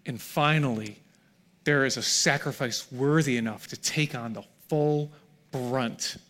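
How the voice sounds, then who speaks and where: Speaking at medium pitch and a little slowly, this middle-aged pastor delivers a sermon in a church hall. He moves between near-whispers and shouted high points as he addresses the congregation.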